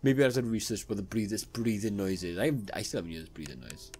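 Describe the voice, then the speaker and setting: Brief: young male gaming host, nervous horror let's play, very lively swooping pitch, faint music under him. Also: fast. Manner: jumpy, nervous, pleads aloud with game characters. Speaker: gaming YouTuber.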